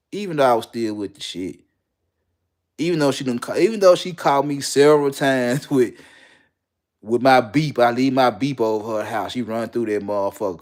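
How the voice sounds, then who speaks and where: A man's voice: medium pitch, darkish tone. Blunt, profane man telling his story. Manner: profane, blunt, repeats lines for emphasis. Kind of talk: candid personal storytelling.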